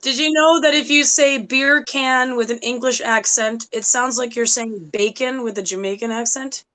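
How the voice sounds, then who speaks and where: A woman joining a casual chat, slow and teasing. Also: on the high side, fairly even intonation, sharp tone.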